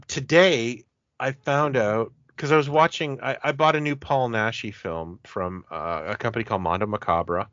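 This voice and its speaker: A man's voice: fairly low pitch, fairly bright tone, no echo. A man hosting a casual chat about cult films, telling enthusiastic, rambling stories. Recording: dull, dry lo-fi recording.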